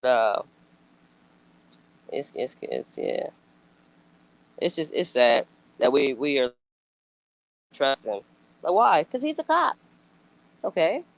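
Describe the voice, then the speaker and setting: Her voice rumbles low, and she takes things slowly, pausing often, over poor audio. This woman is casually reacting as a commentator, blunt and emphatic, swearing freely and breaking into animated outbursts and rhetorical questions.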